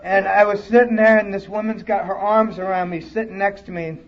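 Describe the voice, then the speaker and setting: A man with a notably high voice tells his own story at a recovery conference, blunt and salty with his language. The recording sounds dull and lo-fi, like an old tape of a talk in a hall. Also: steady tone, a little fast. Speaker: conference speaker.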